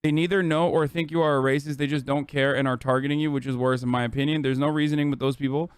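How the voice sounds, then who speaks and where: A man streaming a casual reaction, ranting in an exasperated, profane and animated way. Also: fairly high pitch, quick pace, smooth, no room sound, studio quality.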